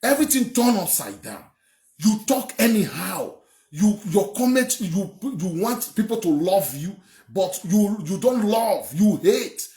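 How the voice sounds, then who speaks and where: A man's voice: high voice, big pitch swings, measured pace, warm tone. A young Nigerian man from Edo giving heated political commentary, emphatic and rambling, repeating words and swearing. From Edo State, Nigeria. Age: young adult. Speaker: online commentator. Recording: echoey room.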